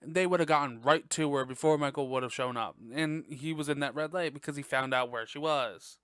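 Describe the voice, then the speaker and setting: Speaking a little fast in a smooth voice on the high side, this young podcast host rambles through a casual movie review from a dark bedroom at home. Expect lots of swearing, excitement and frequent laughter. There's no room sound, and the audio is studio quality.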